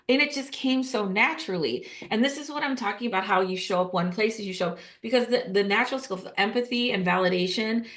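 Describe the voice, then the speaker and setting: A woman's voice: mid-range voice, fast talker, hardly any pauses, a bit bright. A middle-aged woman hosting a podcast, chatting casually and telling stories with many restarts and fillers. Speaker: podcast host. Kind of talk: casual interview chat.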